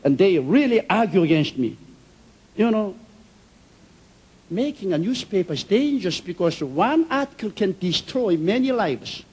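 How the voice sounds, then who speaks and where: A man's voice: sits high, very animated, measured pace, a little mellow, husky, poor audio. A man preaching a sermon, telling stories emphatically in simple, non-native English phrasing. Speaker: pastor.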